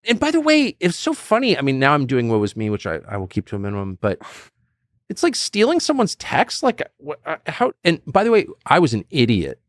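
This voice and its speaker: A middle-aged man talking as a podcast guest, blunt and animated, acting out quotes with sudden high bursts. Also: a little fast, no room sound, clean studio sound. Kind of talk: casual conversation.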